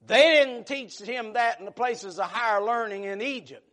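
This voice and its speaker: A man with a very high voice preaches a sermon at a moderate pace. He swings between quiet, hushed storytelling and loud, shouted passages.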